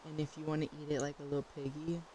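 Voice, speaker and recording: A woman's voice: low-pitched, flat delivery, fast talker, background noise. A young woman streamer chatting casually while she eats, blunt and profane, laughing easily.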